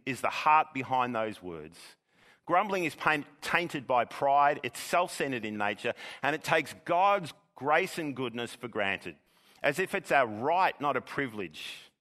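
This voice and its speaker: Male pastor, earnest sermon delivery, bright forceful voice, long hall reverb. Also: medium pitch. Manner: earnest, measured preaching with repeated words.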